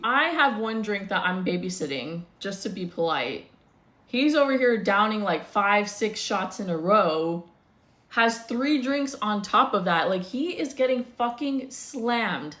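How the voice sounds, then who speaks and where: A woman's voice: medium pitch, lively intonation, unhurried, a bit bright, roomy sound. A young woman telling a dating story in a casual, blunt, profane way, sounding exasperated.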